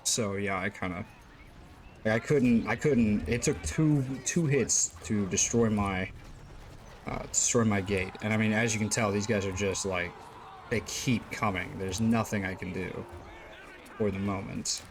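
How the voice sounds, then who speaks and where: A man's voice: on the low side, steady tone, a little slow, background noise. A man giving casual, rambling gameplay commentary as host of a gaming channel, full of fillers and the odd curse. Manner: rambling, lots of fillers, occasional swearing.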